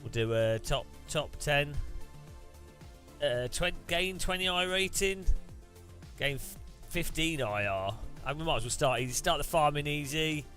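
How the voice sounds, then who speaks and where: Guy on a sim racing stream, kinda tired, rambly jokey chat, slightly high voice, music going behind. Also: expressive, a little slow, sharp tone. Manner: rambling and joking, talks to chat. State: tired, under the weather. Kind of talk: casual live-stream chat. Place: home sim racing rig.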